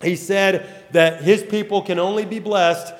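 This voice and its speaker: A folksy, wavering prophet, played by a male preacher, chatty and quick with excuses. His voice sits a little high and echoes through a big hall. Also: fairly even intonation. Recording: long hall reverb.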